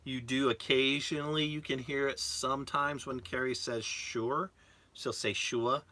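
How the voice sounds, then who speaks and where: A middle-aged man from Hawaii co-hosting a live RV chat, relaxed and telling stories. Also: medium pitch, normal speed. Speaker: co-host of an RV chat show.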